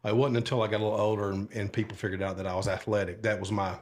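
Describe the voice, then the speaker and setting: A man's voice: lowish voice, level tone, racing. An older man, a retired deputy telling stories from his life in a casual, folksy, rambling way. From Alabama. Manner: folksy, rambling, with many fillers and asides. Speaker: podcast guest, retired sheriff's deputy. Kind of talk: casual storytelling interview.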